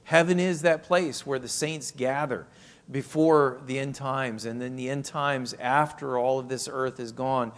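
A man preaching a sermon, teaching from a Bible passage, slowing down to stress key phrases and asking rhetorical questions. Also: mid-range voice. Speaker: pastor.

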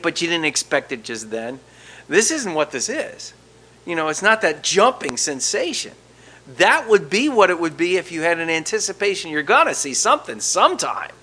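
A middle-aged man preaching a sermon, moving between hushed, intimate moments and loud, emphatic passages as he walks through a scripture text. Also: medium pitch. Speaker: pastor.

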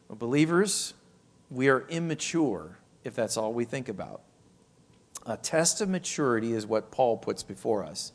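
A man preaching a sermon, teaching from a Bible passage, slowing down to stress key phrases and asking rhetorical questions. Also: medium pitch. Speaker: pastor.

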